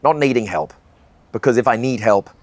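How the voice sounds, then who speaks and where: A man's voice: mid-range voice, animated, normal speed, darkish tone. A young man talking earnestly and casually to the camera, reflecting in a vlog monologue. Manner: earnest, conversational, casual swearing. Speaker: video essayist.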